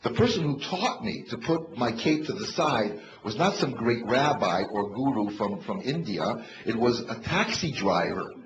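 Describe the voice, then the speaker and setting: Older man giving a lively stage talk. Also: mid-range voice, measured pace, few pauses. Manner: animated storyteller, bursts into shouts to rouse the crowd. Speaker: motivational comedian. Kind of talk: stand-up motivational talk. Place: stage in a large hall with a live audience. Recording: echoey, dull live hall recording with noise.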